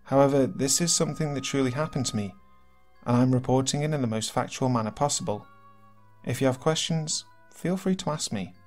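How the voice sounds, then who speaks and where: A man's voice: medium pitch, fairly quick, darkish tone. Man narrating horror stories. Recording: faint music behind.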